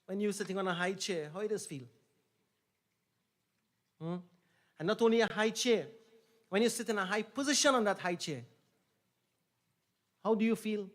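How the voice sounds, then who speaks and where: A man's voice: high voice, moderate pace, pauses often, fairly bright tone. A man giving a sermon as a pundit, telling the story with repeated phrases and rising emphasis on key points. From Trinidad and Tobago. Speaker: pundit officiating a yagna.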